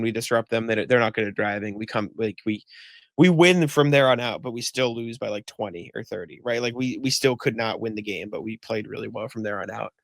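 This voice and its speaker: Gravelly man ranting on a podcast. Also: fairly low pitch, a bit bright, dry recording. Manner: rambling storytelling with many "like" fillers and swearing; exasperated ranting. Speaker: podcast co-host. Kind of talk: casual chat.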